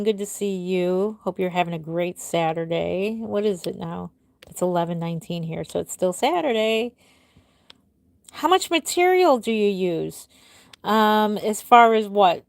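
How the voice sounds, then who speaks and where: Tired-sounding woman in her forties, casual livestream host, dry close sound, mid pitch. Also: a little mellow, smooth, no room sound. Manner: chatty, reads out and answers viewer comments. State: tired, yawning. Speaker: doll artist hosting a livestream.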